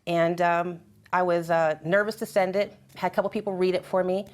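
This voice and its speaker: A woman in a group conversation at her church, telling a personal story with animated, emotional delivery and acting out dialogue. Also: on the low side, fairly quick. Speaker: church member sharing experiences.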